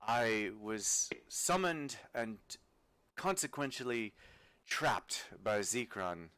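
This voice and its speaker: A man voicing a male genie trapped in a book, speaking in a deep, airy, slow and formal way. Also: big pitch swings, bright, forceful tone, no room sound, full character voice. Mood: weary, formal.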